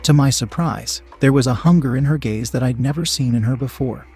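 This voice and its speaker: A man's voice: mid-range voice, fairly quick, a little mellow, husky, soft background music. Man narrating a first-person story.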